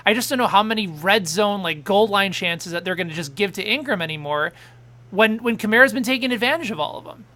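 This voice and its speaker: A man hosting a live fantasy football talk show, excitable and quick in back-and-forth, reading out viewer questions. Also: high-pitched.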